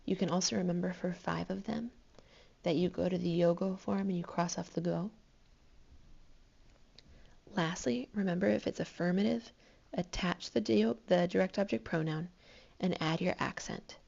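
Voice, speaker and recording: Low gravelly woman teaching a lesson. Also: steady tone, normal speed, a little mellow, highs cut off. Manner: patient, explanatory, counts syllables aloud. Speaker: Spanish teacher. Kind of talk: recorded classroom lesson.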